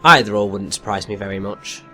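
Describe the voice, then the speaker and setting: A man's voice: on the low side, brisk, bright, forceful tone. A man co-hosting a game playthrough, chatting enthusiastically and going off on tangents. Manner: enthusiastic, giggly, rambling. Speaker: let's play co-host. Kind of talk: casual gameplay commentary. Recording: faint game music behind.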